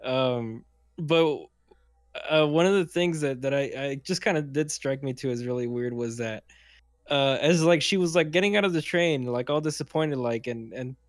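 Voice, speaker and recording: A man in casual chat, crude and quick to laugh, swearing heavily. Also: mid-range voice, no room sound, studio quality.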